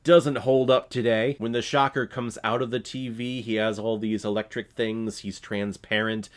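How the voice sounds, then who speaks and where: A man talks through a film review in a casual vlog, blunt and profane. He laughs often as he talks. His voice sits at an average pitch for a man. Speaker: movie reviewer.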